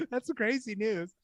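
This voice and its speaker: A man from small-town Texas telling a casual story as a podcast guest, animated and full of "like". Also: very high voice, no room sound, studio quality. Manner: animated, heavy use of "like".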